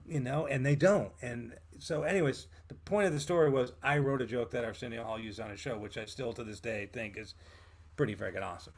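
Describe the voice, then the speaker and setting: A Vermont man in his fifties, an actor and writer appearing as a guest, tells a story in a casual interview, speaking a little fast at medium pitch. He's animated and acts out what other people said.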